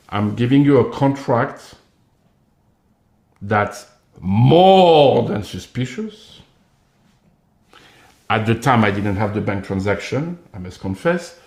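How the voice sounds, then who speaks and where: A man's voice: lowish voice, expressive, slow, pauses often, a little mellow, roomy sound. Emphatic man with a tinged delivery. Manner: emphatic, accusatory, acts out others' replies. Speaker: commentator. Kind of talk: direct-to-camera monologue.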